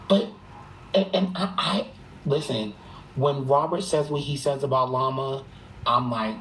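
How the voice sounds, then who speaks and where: A live streamer chats into a phone from a room at home, rattling off gossip in a quick, emphatic and profane way. The pitch sits in a middling range for the speaker. A faint hiss hangs behind the voice. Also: rough recording. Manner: rapid, emphatic and profane, hushed at times. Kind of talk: gossipy livestream chat.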